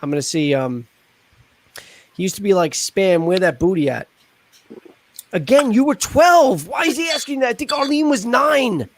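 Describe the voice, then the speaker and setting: A man's voice: very high-pitched, very animated, normal speed, slight background noise. A man hosting a casual live stream chat, joking and rambling with plenty of fillers. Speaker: host.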